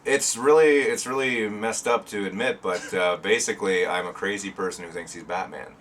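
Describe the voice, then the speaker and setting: A lower-voiced man with a bright, forceful edge, chatting as an interview guest. His humor is dry and self-mocking, and he swears freely. He sounds a little off-mic, with faint noise behind him. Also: moderate pace, far from the mic. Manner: wry, self-mocking, profane. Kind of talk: casual interview chat.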